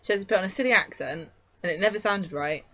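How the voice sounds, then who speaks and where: A woman's voice: mid-range voice, fast, pushed and bright. A woman co-hosting a casual podcast, teasing and sarcastic as she talks about a soap character. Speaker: podcast co-host. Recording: dull lo-fi sound.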